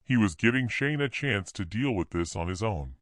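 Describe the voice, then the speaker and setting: A man narrating a horror audiobook in a plain, steady storytelling voice. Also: on the low side, moderate pace, no room sound, studio quality.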